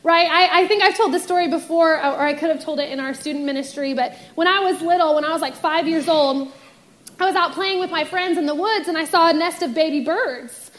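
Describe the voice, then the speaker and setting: A woman's voice: very high-pitched, brisk. A young adult woman and youth pastor giving a casual sermon, telling a personal story and acting out the voices in it. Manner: animated storytelling, acts out voices in quotes.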